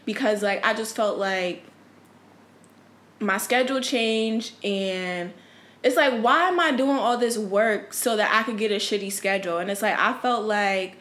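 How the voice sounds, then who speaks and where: A woman's voice: mid-range voice, measured pace, fairly bright tone. A young woman talks on her own podcast in a casual, unscripted rant. She vents her frustrations with plenty of swearing and a loose, conversational flow. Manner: frustrated, profane, venting. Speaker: podcast host.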